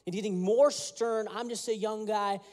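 High-voiced man preaching a sermon. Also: fairly even intonation, moderate pace, darkish tone. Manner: earnest storytelling with prayer. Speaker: pastor.

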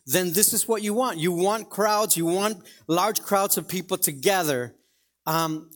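A man's voice: high-pitched, fairly bright tone. A male pastor preaching a conversational sermon to a congregation, telling everyday stories and often checking in with "right?". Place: church in front of a congregation.

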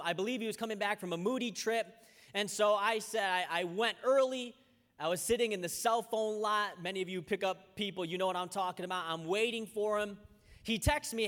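Young man, pastor, sermon, high-pitched, lively storytelling, long church-hall reverb. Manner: lively storytelling, slows down and softens in prayer.

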